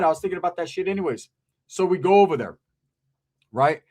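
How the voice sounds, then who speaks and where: A man's voice: sits high, expressive, fast talker, pauses often. A man telling a rambling, profane story in a casual talk-show chat, laughing at his own tale.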